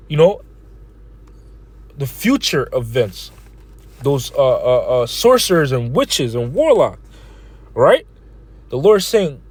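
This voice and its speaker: A man teaching a scripture lesson in a conversational way, reading verses slowly and filling his talk with "man" and "you know.". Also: on the high side, darkish tone, dry recording. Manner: slows down to read verses aloud. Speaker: bible teacher.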